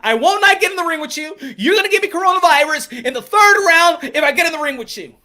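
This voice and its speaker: A man's voice: extremely high pitch, animated, quick pace, sharp tone, pitched above the performer's own voice, exaggerated voice. A man mimicking a boxer in a raised, whiny voice, insisting he won't fight. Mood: mocking. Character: mocking impression of a cautious male boxer.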